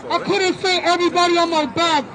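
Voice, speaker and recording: A man with a strikingly high voice gives a fervent speech at an outdoor city protest, speaking into a handheld mic and doubling back on words as he builds. A crowd murmurs faintly behind him. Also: little pitch movement, a little fast, low-quality recording. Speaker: activist speaking at a rally. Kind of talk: impassioned rally speech.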